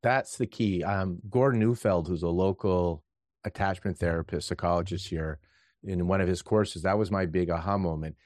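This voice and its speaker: A low-voiced man hosts an interview, reflecting on and affirming what his guest says. The sound is dry, with no room echo. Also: moderate pace, a little mellow. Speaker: host. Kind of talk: conversational interview.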